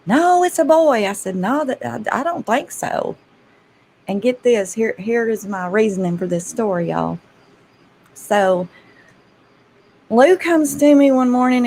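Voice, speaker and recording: A chatty older woman with a drawl tells a home story straight to her viewers, calling them y'all and laughing as she goes. Her pitch sits in the middle, and faint noise hums under the recording. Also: a little mellow, low-quality recording. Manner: chatty, laughs often, addresses listeners as y'all. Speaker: channel host.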